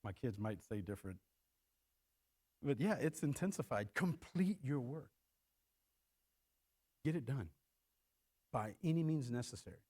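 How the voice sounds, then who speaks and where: Animated preaching man with lively pitch. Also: normal speed, pauses often. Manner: animated, acts out quotes in shifting voices. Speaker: pastor. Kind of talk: sermon. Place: church.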